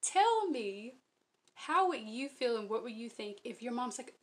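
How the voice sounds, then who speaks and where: A woman's voice: on the high side, expressive, normal speed. Rambling earnest woman crochet vlogger. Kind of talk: casual chat to viewers.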